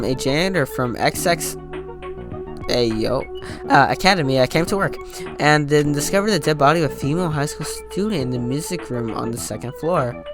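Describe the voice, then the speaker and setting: A man playing through a game, reading its dialogue aloud and reacting in casual slang. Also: mid-range voice. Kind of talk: let's play commentary with read dialogue. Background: game music.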